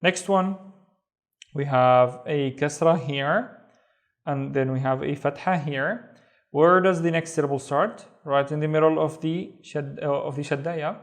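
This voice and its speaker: Patient man teaching word by word. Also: a little high. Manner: patient, sounds out syllables slowly and repeats them. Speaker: Arabic teacher. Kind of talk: slow step-by-step reading lesson.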